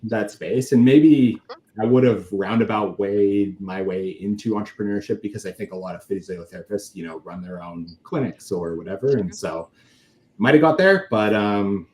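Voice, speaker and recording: A man in his thirties, a guest in a casual interview, talking in a relaxed, rambling way full of filler words. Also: lowish voice, moderate pace.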